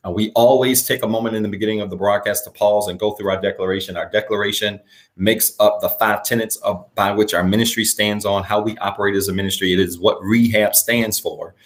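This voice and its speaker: A pastor with a lowish male voice speaks to viewers of his church's online broadcast. He talks in an unhurried way and repeats his points, then reads a declaration slowly with pauses so people can say it after him. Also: fairly even intonation. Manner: unhurried, repeats calls to action; slow, measured reading with pauses for repetition.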